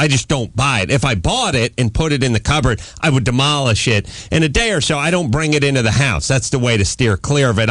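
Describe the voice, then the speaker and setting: Animated man ranting through a comic story. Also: medium pitch, dry recording. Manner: animated ranting anecdote with shouted quoted outbursts. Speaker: host. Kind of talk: comic storytelling on a radio talk show. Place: radio studio. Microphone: studio microphone.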